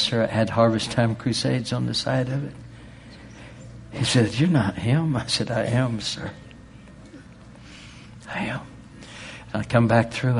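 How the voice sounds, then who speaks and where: A man preaching a sermon with fervor, swinging from loud exclamations to hushed storytelling. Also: medium pitch, vocal fry, slight background noise.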